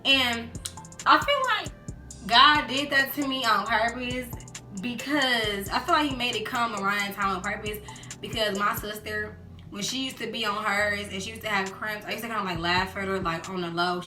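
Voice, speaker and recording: A young woman chatting casually in a storytime vlog, acting out quotes in lively voices. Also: mid-range voice, fairly quick. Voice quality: animated, acts out quotes in voices. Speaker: vlogger. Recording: roomy echo with background music.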